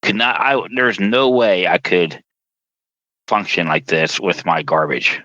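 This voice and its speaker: A lower-pitched man with a bright, forceful edge to his voice jumps in with laughs and blunt, profane remarks during loose podcast banter. The sound is dry and close, with almost no room around it. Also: lively intonation, unhurried, dry recording, muffled recording. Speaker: podcast co-host. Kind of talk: casual chat.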